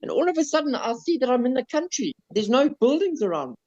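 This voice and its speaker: A man with a South African accent, casually telling a story on a podcast, animated, swearing and stumbling over his words. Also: extremely high pitch, quick pace. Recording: slightly dull lo-fi sound.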